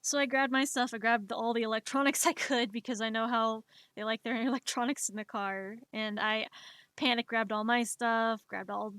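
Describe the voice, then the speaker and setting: A young woman streamer recounts a story in a voice a little higher than most. She talks anxiously, stumbling and repeating words, and the sound is close and dry with no room around it. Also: fairly even intonation, moderate pace, a bit bright, clean tone, no echo. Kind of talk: storytelling during a live art stream.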